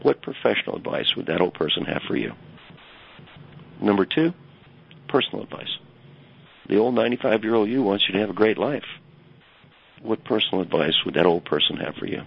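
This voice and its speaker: Older male coach guest, low gravelly voice, emphatic storyteller, muffled lo-fi recording. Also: lively intonation, fairly quick, pauses often. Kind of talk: storytelling interview answer. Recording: dull lo-fi remote audio.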